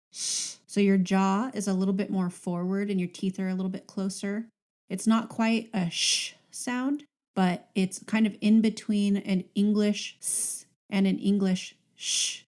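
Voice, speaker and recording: A woman's voice: medium pitch, fairly even intonation, a little slow, a little mellow. A woman hosting a podcast language lesson, patiently modelling sounds and words for listeners to repeat.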